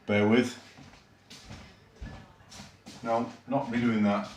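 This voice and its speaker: A man's voice: medium pitch, slow pace, soft background music. Chatty Yorkshire man reviewing beer. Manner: chatty, self-deprecating, rambling with fillers. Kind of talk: casual beer review vlog. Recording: echoey room.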